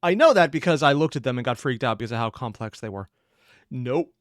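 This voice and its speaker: Man, thirties, casual reaction host, self-mocking asides, mid pitch, dry close sound. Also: animated, quick pace, dry recording. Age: 30s.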